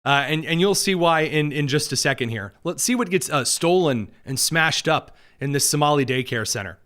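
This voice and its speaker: A man's voice: on the high side, animated, moderate pace, fairly bright tone. A man hosting a political commentary livestream from a studio, talking with sarcastic, mocking asides. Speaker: host.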